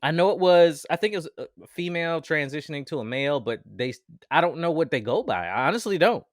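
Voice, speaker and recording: A podcast host with a lively, swinging voice, recorded dry and close. He gives his opinions bluntly and swears casually. His tone is conversational throughout. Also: on the high side, fast, dry recording. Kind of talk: casual chat.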